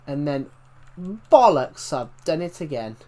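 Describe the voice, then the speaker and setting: A man's voice: on the high side, unhurried. A young British man chatting casually while live-streaming a game and reading out viewer comments, rambling with restarts and mild swearing. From Britain.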